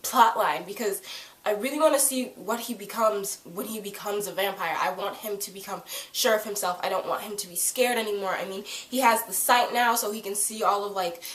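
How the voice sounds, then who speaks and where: Excitable woman fan reviewing a TV show; casual, swears freely, recorded in an echoey room. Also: medium pitch, a little fast. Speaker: TV episode reviewer.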